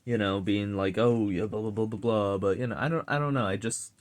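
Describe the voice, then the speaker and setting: A man's voice: fairly low pitch, fairly quick. A young man giving a casual, profane rant to his audience, exasperated and sarcastic. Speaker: vlogger ranting.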